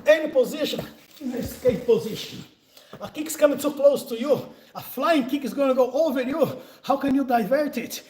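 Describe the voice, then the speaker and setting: A man's voice: extremely high pitch, a little fast, darkish tone, low-quality recording. A man in his forties from Brazil with a Brazilian Portuguese accent, speaking English as a second language, chatting loosely about self-defense and laughing often. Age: 40s. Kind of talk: casual live Q&A and instruction.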